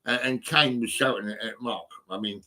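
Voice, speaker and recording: A man's voice: lowish voice, moderate pace, pushed and bright. A middle-aged man from Hampshire with a southern English accent, chatting casually into a phone in a small home room, rambling and swearing, with many halts and fillers. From England, Hampshire. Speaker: vlogger.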